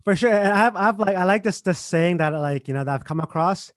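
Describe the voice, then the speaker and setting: Male host, slightly high voice, easygoing chat, dry close sound. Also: fast talker, dry recording. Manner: relaxed, filler-heavy talk. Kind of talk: casual interview chat.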